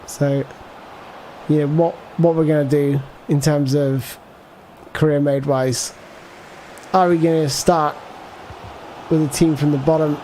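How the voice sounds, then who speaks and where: Male livestreamer, slightly raised pitch; loose, meandering play-by-play and chat replies. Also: steady tone, measured pace, pauses often, dark tone, a little hiss or hum. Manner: rambling, thinks aloud, reads out viewer chat. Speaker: gaming livestreamer. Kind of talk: casual live gameplay commentary.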